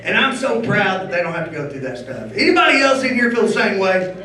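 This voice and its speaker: Loud, high-voiced stand-up comic, echoey. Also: male voice, quick pace, a little hiss or hum. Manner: loud, animated, punchy jokes with shouted bursts. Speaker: stand-up comedian. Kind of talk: stand-up comedy set. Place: comedy venue stage before a live audience. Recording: echoey room from far off.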